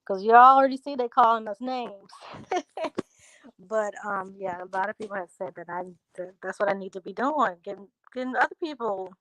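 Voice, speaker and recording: Relaxed woman chatting with viewers. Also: medium pitch, moderate pace, no room sound, poor audio. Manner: talks straight to viewers, reads out comments and answers them; drifts into a relaxed country drawl. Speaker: livestream host answering viewer comments. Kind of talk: casual livestream chat.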